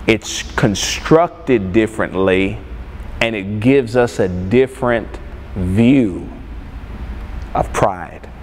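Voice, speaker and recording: A man preaching in a large church hall, and his voice trails off into a long reverb. He sets a slow, unhurried pace and leans hard on single words. He keeps asking the room to answer back. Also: on the low side, a little mellow. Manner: calls for congregation responses, slow emphatic delivery. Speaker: pastor. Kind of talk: sermon. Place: church sanctuary. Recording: long hall reverb, faint background noise.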